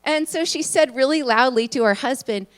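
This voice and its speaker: A woman giving a live talk to an audience, chatty and excitable, with many fillers. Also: high voice, normal speed. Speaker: conference speaker, hypnotist. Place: event room in front of an audience.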